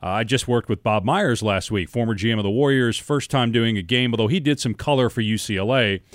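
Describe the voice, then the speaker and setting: A man hosting a sports podcast, asking questions in a relaxed, conversational way. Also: mid-range voice, a little fast, no echo, studio quality. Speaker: podcast host and sports broadcaster. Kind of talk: casual interview chat.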